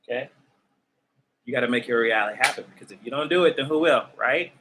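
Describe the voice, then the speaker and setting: A man's voice: medium pitch, fast, noisy background. A man hosting a tarot channel who talks to his viewers in a loose, conversational spiritual rant, often laughing. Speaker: tarot reader and channel host.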